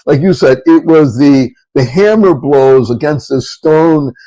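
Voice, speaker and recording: A male podcast host chats casually in a somewhat high voice. He speaks with effusive enthusiasm and often praises his guest. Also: measured pace, warm tone, low-quality recording.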